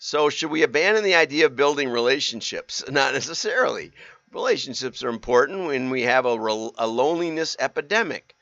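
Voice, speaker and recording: Middle-aged guy chatting on a livestream, bright forceful voice, keeps laughing, dry dull sound. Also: mid-range voice, expressive, brisk, dry recording. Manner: chatty, laughs often, asks rhetorical questions. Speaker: livestream host. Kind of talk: casual livestream talk.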